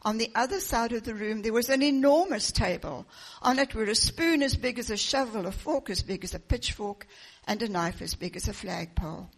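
A woman preaching a sermon, reading a children's story aloud with expressive storytelling. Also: a little high, normal speed.

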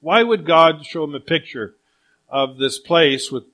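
Male preacher, slightly high pitch, lively sermon storyteller. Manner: animated storytelling, speeds up and slows down. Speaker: pastor.

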